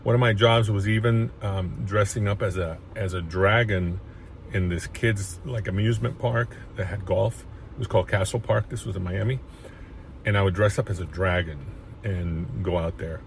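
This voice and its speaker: Man, low pitch, rambling personal storyteller with many restarts and emotional moments, faint noise behind. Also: moderate pace, vocal fry. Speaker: chiropractor sharing his story.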